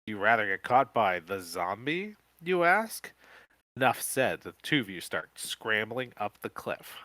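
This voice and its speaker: A man co-hosting a podcast, reading a gamebook aloud live in a casual way, with quick joking asides. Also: lowish voice, sing-song, sharp tone, no echo.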